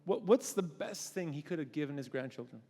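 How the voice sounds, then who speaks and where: High-voiced animated male preacher. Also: brisk, big-room sound. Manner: animated storytelling, acts out voices. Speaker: pastor. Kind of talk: sermon.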